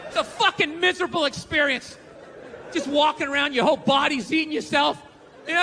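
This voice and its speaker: A male comedian rants through a blunt, profane stand-up bit, his voice pitched high and cutting as he shouts. A live studio audience and long hall reverb surround him, with faint room noise. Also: a little fast, some chatter behind. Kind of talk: stand-up routine. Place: talk show studio stage.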